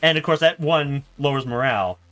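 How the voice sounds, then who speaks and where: Bright, laughing male streamer. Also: mid-range voice, fairly quick, soft background music. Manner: laughing, animated, loose. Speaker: streamer narrating a storytelling game. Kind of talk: casual story narration.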